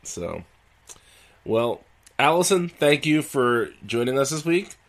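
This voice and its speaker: A man hosting a podcast, telling stories in a relaxed, easygoing way. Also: medium pitch, takes it slowly. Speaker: podcast host. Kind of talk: casual podcast chat.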